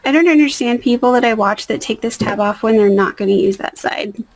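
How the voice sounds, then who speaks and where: A woman's voice: on the high side, fairly quick, low-quality recording. A young woman chatting casually as she does her nails, rambling and trailing off into near-whispers. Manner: rambling, soft-spoken, drifting into near-whispers. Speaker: nail art vlogger. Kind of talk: casual chat.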